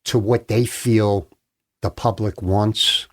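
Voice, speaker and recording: A man's voice: fairly low pitch, steady tone, slow. A man from Philadelphia, a guest on a studio podcast, speaking in an earnest, emphatic and heartfelt way. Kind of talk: casual interview chat.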